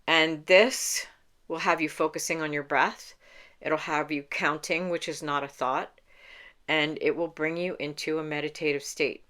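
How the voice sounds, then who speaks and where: A woman meditation coach giving a calm, unhurried spoken lesson, explaining each step plainly and laughing lightly now and then. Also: low voice. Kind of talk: instructional talk to camera.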